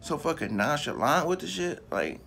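A man's voice: fairly high pitch, very animated, normal speed, creaky, a bit bright. A man vlogging in a casual, profane rant, repeating himself for emphasis and talking straight to his viewers. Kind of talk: casual ranting commentary to camera.

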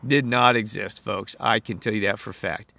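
A man's voice: lowish voice, fairly even intonation, normal speed, vocal fry, bright, forceful tone, no room sound. A man hosting his own channel, talking in an emphatic, rambling monologue full of fillers and restarts. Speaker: channel host.

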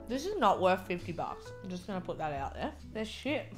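A young woman with an Australian accent talks through a meal in loose, chatty vlog style, dropping "like" into nearly every sentence. She sits at a middling pitch and moves between easy chatter and a worked-up rant. Faint music plays low behind her. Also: sing-song, a little fast. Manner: chatty, peppered with "like", gets heated and ranty. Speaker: mukbang vlogger. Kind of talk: casual chat while eating.

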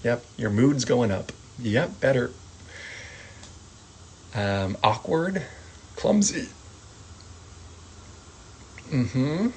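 A man leads a sign language lesson at a very slow, even pace, saying each word twice with small asides. His pitch sits in the middle range. A faint background hiss runs under the voice. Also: rough recording. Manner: calm, repeats each word, gentle asides.

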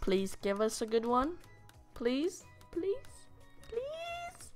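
A woman's voice: sits high, wildly swooping pitch, drawn-out words, faint music behind. A young woman from Lithuania chatting casually through a matchmaking game, reading the characters' lines aloud in playful voices. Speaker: gaming YouTuber. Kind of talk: casual let's-play commentary.

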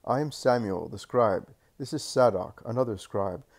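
A man's voice: medium pitch, brisk, a little mellow, close to an everyday voice. A man voicing a bombastic, arrogant temple scribe who speaks pompously.

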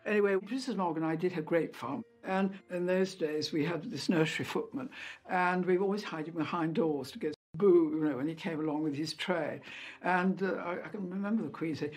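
A woman's voice: lowish voice, fairly quick, darkish tone, husky, soft background music. An older English woman recalling memories in an interview, telling anecdotes and acting out voices. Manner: anecdotal, acts out remembered voices. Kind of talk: reminiscing interview.

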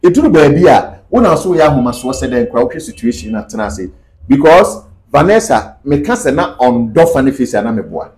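A man's voice: medium pitch, big pitch swings, fairly quick, darkish tone, low-quality recording. A man talking as an interview guest, emphatic and repeating his key points. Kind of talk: casual interview talk mixing Twi and English.

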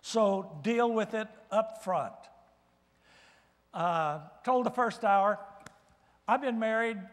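An older man giving a guest sermon in a church, telling folksy stories with gentle humor. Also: high-pitched, takes it slowly, in a large hall. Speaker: guest preacher. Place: church sanctuary.

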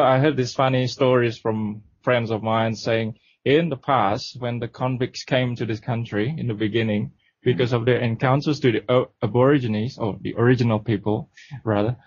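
A man's voice: medium pitch, no room sound. A man hosting a radio interview, asking questions hesitantly with many fillers. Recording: dry, dull lo-fi radio recording.

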